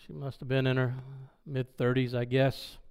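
A man telling a personal story in a sermon, animated and acting out the dialogue. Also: medium pitch, normal speed, clean tone. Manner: loud when excited. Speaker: preacher.

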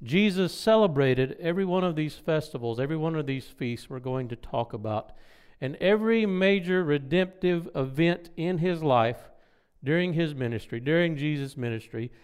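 A man preaching a Bible teaching in an emphatic way, slowing down to stress key words and making asides to his listeners. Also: a little high, lively intonation, a little mellow, smooth. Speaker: pastor teaching a Bible study. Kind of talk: sermon-style Bible teaching.

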